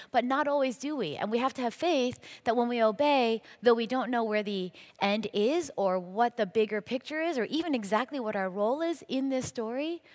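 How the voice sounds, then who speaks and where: A woman speaking as a guest at a church event, telling her faith stories earnestly and acting out the voices of the people in them. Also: on the high side. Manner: earnest storytelling, acting out quoted dialogue. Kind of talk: faith testimony talk. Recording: long hall reverb.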